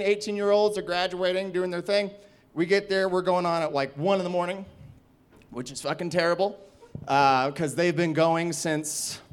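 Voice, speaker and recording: A male stand-up comedian tells a rowdy story, casual and animated, laughing and swearing along the way. His voice is fairly high with a clean tone.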